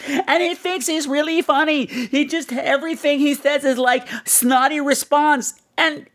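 Brief: ranting film-review podcast host, animated, swings wildly in pitch, profane and blunt. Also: normal speed. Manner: animated, acts out scenes with exaggerated voices.

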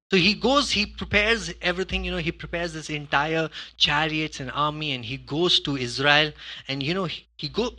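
A man preaching a sermon as pastor, in a conversational way, with frequent "okay?" and "you know", swinging between hushed asides and loud bursts of emphasis. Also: a little high.

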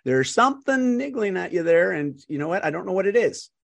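A man, a guest coach, talking in an animated, upbeat way and laughing often in a casual interview. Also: sits high, fairly quick, creaky. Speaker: guest, fitness and lifestyle coach. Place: home in Vancouver, remote call.

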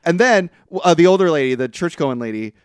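Animated man recapping a movie. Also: quick pace, clear, resonant tone, dry recording, studio quality. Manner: lively, swears, mimics characters in exaggerated high outbursts. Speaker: podcast co-host. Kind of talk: casual movie recap chat.

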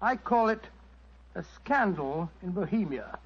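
An earnest high-voiced doctor. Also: male voice, expressive, a little slow, breathy edge, heavily acted. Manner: earnest, eager. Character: earnest, good-natured male doctor. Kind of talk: 1940s radio acting. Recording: dull lo-fi old radio recording.

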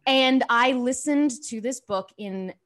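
A woman's voice: high-pitched, slow pace, fairly bright tone. A woman in her thirties hosting a podcast, chatty and bubbly, her sentences full of "like". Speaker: podcast host. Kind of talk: casual podcast chat.

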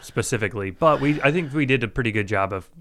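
Bright, animated male podcast host. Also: medium pitch, fast talker. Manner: loose, meandering phrasing. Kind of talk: casual chat.

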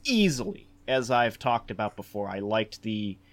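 A man hosting a casual podcast talk about films, rambling with many fillers and restarts, and growing animated as he talks. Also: on the low side, normal speed. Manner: animated, acts out quotes in a raised voice. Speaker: podcast host. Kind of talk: casual film discussion.

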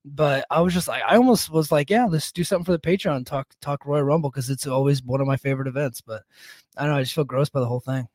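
A man's voice: a little high, quick pace, a little mellow, no room sound. Rambling, joking male podcast co-host. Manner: rambling, joking, laughs often. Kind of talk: casual chat.

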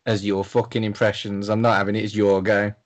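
A man's voice: lowish voice, flat delivery, fairly quick. A man, a podcast guest chatting casually, swearing and mocking himself in a flustered way. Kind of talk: casual chat.

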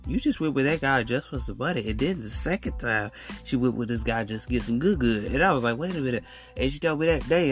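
Guy hosting a podcast, ranting casual story, lively up-and-down voice, faint music. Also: mid-range voice. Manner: animated, incredulous, preachy asides to listeners. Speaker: podcast host.

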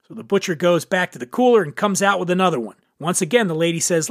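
High-voiced, wisecracking cocktail host. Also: male voice, fast, few pauses, no echo, studio quality. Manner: irreverent, wisecracking. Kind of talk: scripted comic cocktail tutorial.

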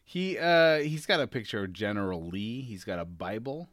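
A man's voice: on the low side, lively intonation, moderate pace, fairly bright tone, no echo, studio quality. A man co-hosting a podcast in casual chat, chatty, reading from notes and laughing easily. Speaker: podcast co-host.

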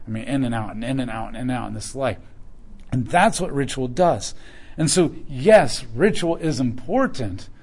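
A man's voice: mid-range voice, a little mellow. A man preaching verse by verse in a conversational way, acting out little quoted asides. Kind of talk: verse-by-verse sermon teaching.

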